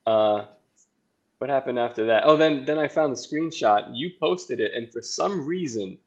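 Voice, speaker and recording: A man talking loosely on a podcast, with a mid-pitched, ordinary voice. He rambles and swears freely. He breaks into easy laughter as he talks. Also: lively intonation, moderate pace, lo-fi sound. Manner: rambling, profane, laughs often. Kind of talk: casual podcast chat.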